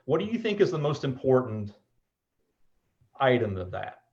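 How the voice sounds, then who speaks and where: A middle-pitched man in his forties who talks in a loose, rambling way, full of fillers, with a fatherly air. He sounds like he's on a call, and the audio comes through dull and lo-fi. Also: very animated, normal speed, darkish tone, a little hiss or hum. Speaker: umpire equipment seller and mentor. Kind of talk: casual call-in chat.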